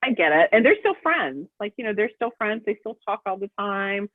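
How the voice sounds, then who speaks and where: A woman's voice comes through a thin, phone-like line with a dry, close sound. She tells a personal story as a guest in a casual interview. She talks in a lively way and acts out the voices of the people in it. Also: mid-range voice, a little fast, no room sound. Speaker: guest, prison matchmaker.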